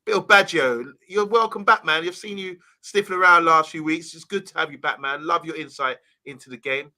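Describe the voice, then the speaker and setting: Casting: male co-host, very bright sound, chatty and friendly with viewers, casual football banter. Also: a little high, fairly even intonation, brisk. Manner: chatty, greets viewers by name. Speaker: livestream co-host reading comments.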